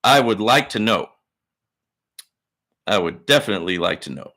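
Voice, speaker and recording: A man hosting a live Q&A stream, giving loud, hyped shout-outs to viewers in the chat and teasing them boastfully. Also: on the low side, animated, normal speed. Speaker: livestream host.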